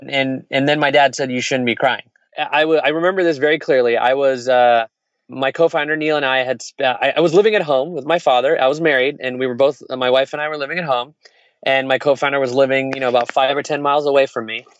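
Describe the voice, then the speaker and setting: A man's voice: medium pitch, steady tone, fast talker, dry recording, dull audio. A man who is an entrepreneur tells candid stories in casual conversation, with restarts and quoted dialogue. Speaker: entrepreneur guest.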